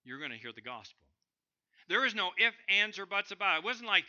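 A bright, forceful man preaching a sermon, his pitch sitting a little high. He swings between loud emphatic bursts and hushed drops. The recording sounds slightly dull and lo-fi. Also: very animated, normal speed. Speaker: pastor.

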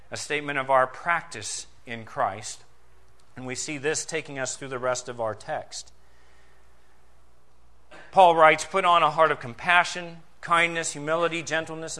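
A man preaching a sermon as pastor, asking rhetorical questions and swinging between loud emphasis and soft, low passages.

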